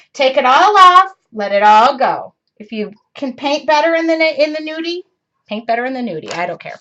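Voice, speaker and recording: A woman hosts a live painting session from her home studio, chatting loosely with viewers. Her voice sits a little high, and she wanders between topics with self-mocking humor. The livestream audio is dull and lo-fi. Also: very animated, moderate pace, pushed and bright. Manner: chatty, rambling, self-joking. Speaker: art livestream host. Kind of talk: casual chat while painting.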